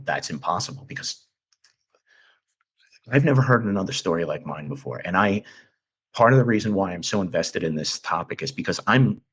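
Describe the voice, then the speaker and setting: A man with a low, husky voice tells a personal story in a halting, earnest way. He often restarts his sentences while he looks for the right words. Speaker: guest recounting an encounter. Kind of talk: casual storytelling.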